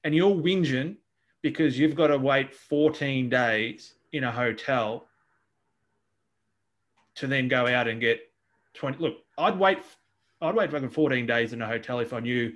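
Australian male co-host, sweary and fed up, mid-pitched everyday voice. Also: moderate pace, fairly bright tone, highs cut off. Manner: ranting, sweary, exasperated. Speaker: podcast co-host. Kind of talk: casual chat.

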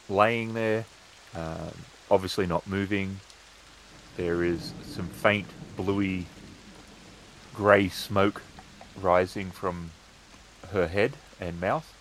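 A man narrating a tabletop game as game master, measured and descriptive with pauses. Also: lowish voice, slight background noise, poor audio.

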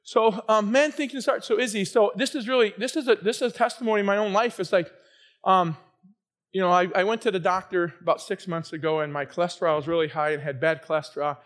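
High-voiced man preaching with shouted emphasis. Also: fast. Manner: energetic preaching, often rising to shouted emphasis. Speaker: pastor. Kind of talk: sermon. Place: church sanctuary.

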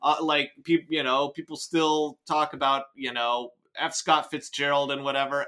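A man chats on a casual podcast, rambling through a novel with jokes, swearing and half-finished sentences. His voice is clear and bright, at a middling pitch. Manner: rambling, jokey, swears often, many restarts. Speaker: podcast host reading and analyzing a novel.

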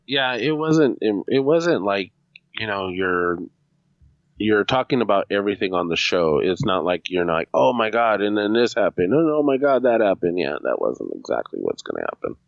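Very deep-voiced man, halting chat. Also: big pitch swings, vocal fry, dry recording, lo-fi sound. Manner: halting, restarts often, swears when flustered. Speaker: podcast co-host. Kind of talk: casual chat.

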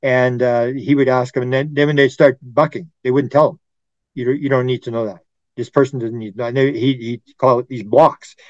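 A man's voice: medium pitch, dry recording. Earnest older man, dull lo-fi audio. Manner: earnest, acts out quoted voices. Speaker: guest, UFO researcher. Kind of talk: casual interview talk.

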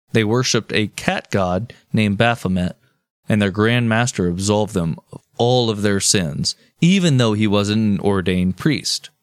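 A man's voice: lowish voice, no echo, studio quality. A man hosting a casual podcast, telling history in a profane, jokey way. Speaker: podcast host.

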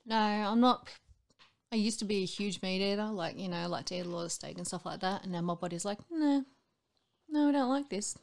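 A woman's voice: medium pitch, little pitch movement, quick pace, vocal fry. Woman in her late 30s, interview guest, candid and rambling, acts out quotes. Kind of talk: candid personal conversation.

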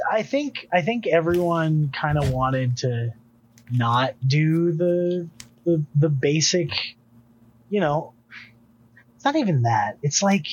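A man's voice: fairly high pitch, muffled recording, a little hiss or hum. A man co-hosting a podcast, chatting casually about music in a rambling, jokey way with many restarts. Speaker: podcast co-host.

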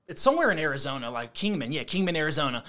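A young American man casually telling stories in an animated, slangy way, with lots of fillers. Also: a little high, rapid-fire. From United States. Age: young adult. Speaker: guest. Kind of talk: casual storytelling chat.

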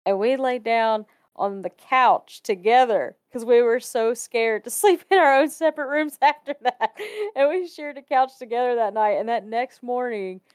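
A woman's voice: a little high, moderate pace, few pauses, clear, resonant tone, no room sound, studio quality. A woman from Ohio casually telling a spooky personal story, laughing often and acting out the people she quotes. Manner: animated, laughs often, acts out quoted voices. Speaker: guest telling a ghost story.

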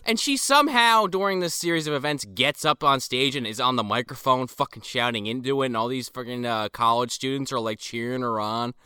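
Bright, crisp-voiced man swearing through a recap. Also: medium pitch, a little fast, few pauses, no echo, clean studio sound. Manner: profane, animated storytelling. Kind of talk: casual movie recap chat.

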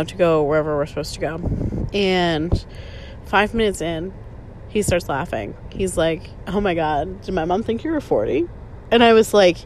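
A woman's voice: lowish voice, slight background noise. A woman in her thirties telling a story in casual chat, sarcastic and full of "like", swearing freely. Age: 30s. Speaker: podcast host.

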